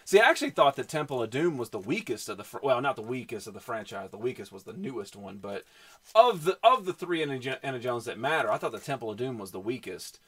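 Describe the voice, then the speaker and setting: A man's voice: medium pitch, big pitch swings, fast, fairly bright tone, breathy edge. Rambling Southern man on a livestream. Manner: rambling, filler-heavy, reacts to chat. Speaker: streamer showing his comic collection. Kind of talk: casual livestream chat.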